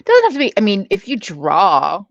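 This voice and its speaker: A woman's voice: mid-range voice, wildly swooping pitch, moderate pace, creaky, dry recording, lo-fi sound. A woman hosting a casual livestream, reading out chat, laughing often and swearing freely. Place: at home.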